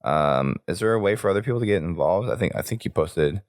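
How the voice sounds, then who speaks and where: A sick, hoarse man hosting a podcast, rambling casually through news and sign-off plugs. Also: low voice, animated, fast talker, no room sound, studio quality. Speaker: podcast host.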